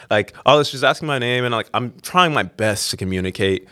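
A young man tells a story in a loose, rambling way, stumbling over repeated words and laughing at his own mishaps. His pitch swings freely as he gets into it, and the voice sounds close and dry. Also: expressive, fairly quick, hardly any pauses, bright, forceful tone, clean tone, no room sound. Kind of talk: casual personal anecdote.

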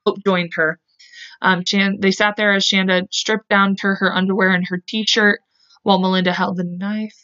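A woman's voice: medium pitch, little pitch movement, moderate pace, bright, forceful tone, clean tone. Rambling woman telling a true-crime story. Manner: rambling, self-correcting, swears freely. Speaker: podcast host. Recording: dull lo-fi podcast audio.

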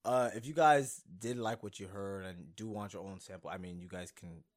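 Young man, podcast host, low pitch, rambling, excitable, lots of fillers. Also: moderate pace. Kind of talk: casual solo podcast talk.

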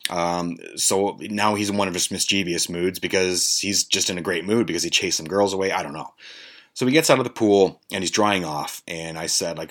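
A man with a very deep, low-pitched voice tells a story on his podcast. He rambles casually, swearing freely and filling pauses with ums and uhs. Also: a bit bright. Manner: profane, rambling, many fillers. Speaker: podcast host.

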